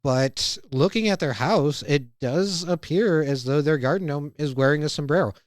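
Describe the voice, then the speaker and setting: A man hosting a podcast, recapping a cartoon episode in relaxed casual chat. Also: fairly high pitch, moderate pace, dry recording, clean studio sound. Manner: relaxed, recaps scenes by reading out quotes. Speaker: podcast host.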